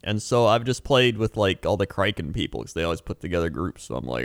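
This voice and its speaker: A man's voice: low voice, very animated, fast, no room sound, clean studio sound. A young man chatting casually about games he streams, laid-back and laughing often. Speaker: gamer and streamer. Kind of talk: casual chat.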